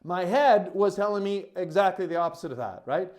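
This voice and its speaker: A man's voice: high-pitched, expressive, brisk, a little mellow. A man who works as a coach and retreat facilitator tells a personal story to camera in an earnest, emphatic, heartfelt way, with many "you know" fillers.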